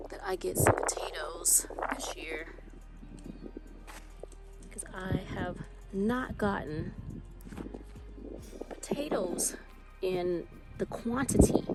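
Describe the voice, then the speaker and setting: A woman's voice: mid-range voice, creaky. A woman vlogging in her garden, chatting and thinking aloud as she plants potatoes. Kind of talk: casual garden walkthrough. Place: outdoor garden. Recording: music bed under voice. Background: music.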